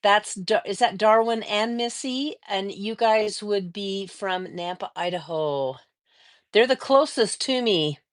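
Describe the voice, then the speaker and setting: Speaking at medium pitch and taking her time, this Mountain West American woman runs a relaxed quilting livestream from her home studio. She chats along and welcomes viewers by name.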